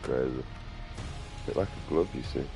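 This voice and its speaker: A man's voice: extremely low pitch, moderate pace, creaky, over music. A middle-aged man, rambling crudely and outspokenly in a casual vlog monologue. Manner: crude, outspoken, mumbling asides. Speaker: vlogger.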